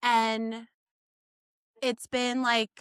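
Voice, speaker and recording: A woman in her thirties co-hosting a casual faith podcast, telling a family story with animated asides. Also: a little high, extremely slow, clear, resonant tone, no room sound, clean studio sound. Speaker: podcast co-host.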